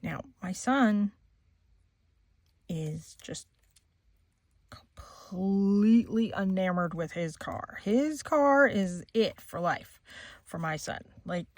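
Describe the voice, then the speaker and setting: A woman's voice: medium pitch, no echo. A middle-aged woman hosting a crafting channel, chatting casually and laughing often as she tells a story while she works. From Maine, USA.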